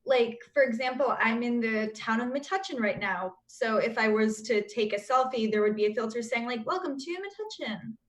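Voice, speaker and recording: Female game designer guest, slightly high voice, upbeat casual chat. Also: fairly even intonation, moderate pace, few pauses.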